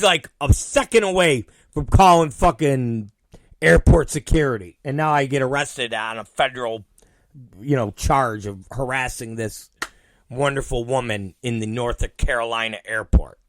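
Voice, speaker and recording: A man hosting his own show, telling a story in an animated, profane way and acting out both sides of the dialogue. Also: medium pitch, normal speed, no echo. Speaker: podcast host. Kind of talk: storytelling monologue.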